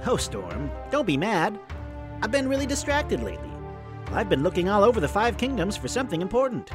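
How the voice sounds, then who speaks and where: A man voicing a cheerful, high-voiced friend character in a comedy audio skit, chipper and sing-song, with music behind. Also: huge pitch swings, fairly quick.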